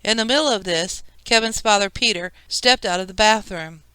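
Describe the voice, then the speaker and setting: Lady reading a kids audiobook, bright crisp voice, dry sound. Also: mid-range voice, moderate pace, no echo. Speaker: audiobook narrator. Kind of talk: scripted narration.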